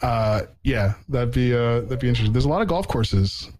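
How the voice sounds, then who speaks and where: A man's voice: mid-range voice, animated, a little fast, a little mellow, low-quality recording. A man hosting a casual sports podcast, rambling with lots of fillers and restarts. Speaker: podcast host.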